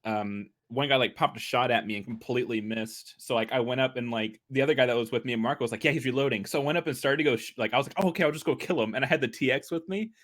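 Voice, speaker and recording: A man chatting casually with a teammate during a game, telling quick stories with laughs. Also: medium pitch, fairly bright tone. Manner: fast storytelling with laughs. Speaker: fellow player. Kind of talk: casual gaming chat.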